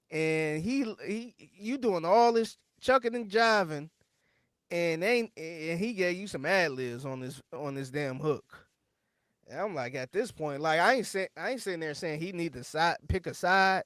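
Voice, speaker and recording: A man with a fairly high voice rambles through a casual podcast chat, full of slang, swearing and restarted sentences. The recording is close and dry. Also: fairly bright tone, no room sound. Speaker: podcast co-host. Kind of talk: casual chat about music.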